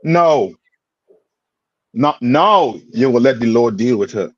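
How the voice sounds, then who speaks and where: A man's voice: mid-range voice, lively intonation, slow pace, no echo, dull audio. A man teaching a religious brotherhood class in a streetwise, repetitive way, often asking if listeners understand. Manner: repetitive questioning, streetwise phrasing.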